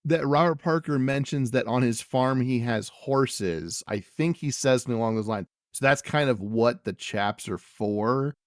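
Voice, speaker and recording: A man's voice: medium pitch, moderate pace, few pauses, dry recording, clean studio sound. A man co-hosting a podcast, casually recapping wrestling and giving each segment a letter grade. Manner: relaxed, hands out letter grades. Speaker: podcast co-host.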